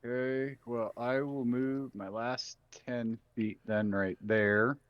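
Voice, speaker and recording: A man's voice: mid-range voice, fairly even intonation, slow pace, smooth, dry recording. Casual male player on a dull dry mic. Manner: casual, blunt, swears. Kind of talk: casual tabletop play.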